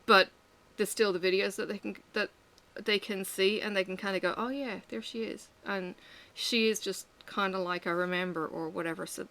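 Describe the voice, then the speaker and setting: A woman's voice: medium pitch, steady tone, moderate pace, hardly any pauses, fairly bright tone. A middle-aged woman chatting candidly and rambling as she works, swearing freely. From Australia. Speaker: vlogger. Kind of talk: casual chat while working.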